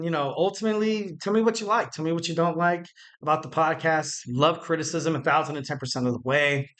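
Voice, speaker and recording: Man, podcast host, bright voice, slightly high, casual rambling, jokey, lots of fillers. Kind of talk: casual wrestling podcast monologue.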